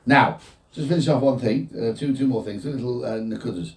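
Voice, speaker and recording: A man giving an informal Torah class, quoting Hebrew texts and explaining them in with lively energy. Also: mid-range voice, a little fast. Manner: animated, quotes Hebrew texts then explains in English. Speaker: rabbi teaching a Torah class. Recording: voice from a distance from the mic.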